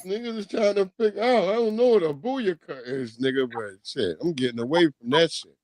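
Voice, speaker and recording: A man from New York co-hosting a podcast, telling comic stories in loose banter and breaking into loud impressions of people. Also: on the high side, a little fast, no echo. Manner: animated storyteller who mimics people in loud bursts. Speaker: podcast co-host.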